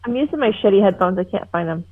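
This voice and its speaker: A woman's voice: mid-range voice, expressive, fast. A woman playing a tabletop game over a call, chatty and apologetic, her voice muffled by her headset. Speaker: player. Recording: muffled, phone-like headset line.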